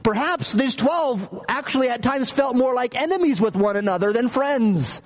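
A man's voice: very high voice, expressive, moderate pace. A man preaching a conversational sermon, telling stories and asking the listeners questions. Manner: conversational, story-driven preaching with asked questions. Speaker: pastor.

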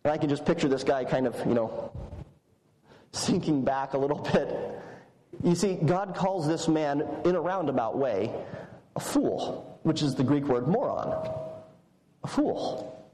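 A man preaching a sermon in a conversational, animated way, shifting his voice for emphasis. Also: a little high, normal speed. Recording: echoey hall reverb.

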